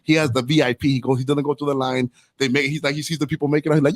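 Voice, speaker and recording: A man's voice: on the high side, very fast, no echo. A man hosting a casual chat, rambling in slang and tagging lines with "right?" and "dog.". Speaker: podcast host.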